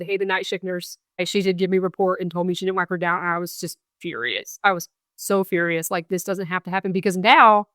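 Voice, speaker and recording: A woman's voice: mid-range voice, a bit bright, no echo, studio quality. A young adult woman, a guest on a podcast interview, earnestly recounting events and quoting what people said. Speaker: guest, bereaved mother.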